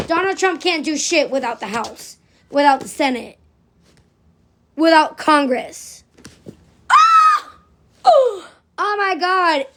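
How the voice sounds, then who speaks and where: A middle-aged woman with a high-pitched voice rants through a livestream monologue. She is blunt and swears freely, hammering her points by saying them twice. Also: slight background noise. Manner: blunt, profane, repeats phrases for emphasis.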